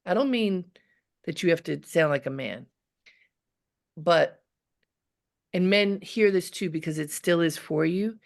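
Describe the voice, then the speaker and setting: Grounded low-voiced woman coach. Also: creaky. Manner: measured, emphatic, repeats key phrases. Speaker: leadership coach. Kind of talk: live webinar Q&A advice.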